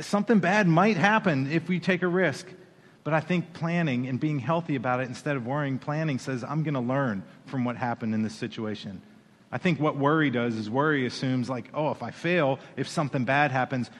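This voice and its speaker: A man preaching a sermon as pastor, animated, with playful asides and acted-out quoted voices. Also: mid-range voice, long reverb tail.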